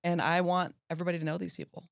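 A man's voice: high voice, flat delivery, very fast, creaky, no room sound, clean studio sound. A man hosting a podcast interview, effusive and grateful, often repeating words as he talks. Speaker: podcast host. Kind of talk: casual interview chat.

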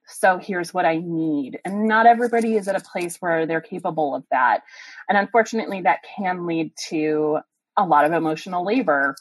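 A woman hosting a live podcast, giving calm, thoughtful relationship advice to a caller. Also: lowish voice, dry recording, rough recording. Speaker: podcast host and sex educator.

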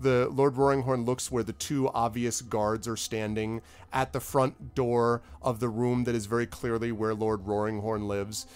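A man's voice: medium pitch, smooth. Casual male game master, midrange voice, faint background music. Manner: casual, laughing narration with fillers. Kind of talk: narrating a tabletop game.

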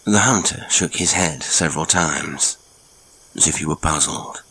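Extremely deep-voiced male storyteller. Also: vocal fry, pushed and bright, husky. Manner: measured, dramatic storytelling. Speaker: narrator. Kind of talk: scripted audiobook narration.

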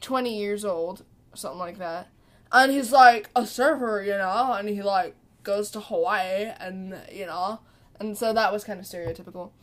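A woman's voice: mid-range voice, normal speed, fairly bright tone. A teenage girl co-hosting a podcast, telling a story in a casual, chatty way with lots of fillers and acted-out quotes. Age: teens. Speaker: podcast co-host. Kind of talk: casual chat.

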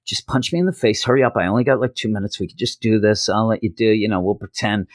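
A man's voice: lowish voice, quick pace, dry recording, studio quality, natural voice. A man doing a weary, scheming gambler villain. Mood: pleading. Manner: pleading, hammy.

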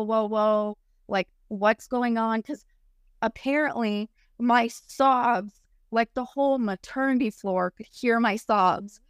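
On a podcast, a woman in her thirties rambles through a story about herself, leaning heavily on "like." She has a slightly high, clean-toned voice, recorded dry in a clean studio.

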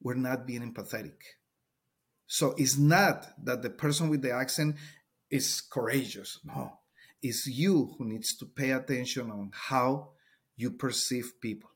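A middle-aged Colombian man with a mid-range, breathy voice speaks at a measured pace in an interview conversation. Earnest in his role as a teacher, he has a Colombian Spanish accent and repeatedly echoes words while searching for the next one.

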